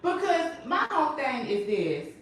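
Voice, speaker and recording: A woman hosting a casual recap chat, telling the story with emphatic, animated delivery. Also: high voice, a little slow, a little hiss or hum. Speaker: host. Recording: echoey room, mic at a distance.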